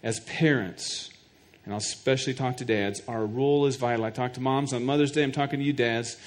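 Preaching to his congregation, this middle-aged pastor has a medium-pitched voice with a steady tone and a fairly quick delivery. His manner is earnest: he repeats a word to drive a point forward and puts questions straight to his listeners.

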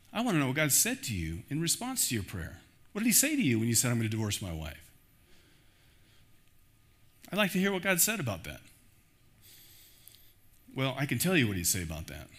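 A man pastor preaching a sermon in an animated way, acting out the voices he quotes. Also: on the high side.

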